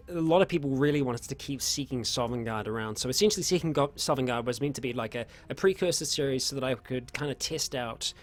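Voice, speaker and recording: A young man hosting a casual Q&A, reading out viewer questions and answering in a chatty, rambling way with many fillers and restarts. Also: mid-range voice. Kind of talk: casual livestream Q&A.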